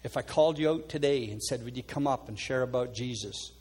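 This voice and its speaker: A man's voice: fairly quick, husky. A man preaching a sermon as pastor, calling people forward and then praying earnestly over them. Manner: earnest preaching, drops soft and low for quoted prayers. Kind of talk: sermon with altar call and prayer.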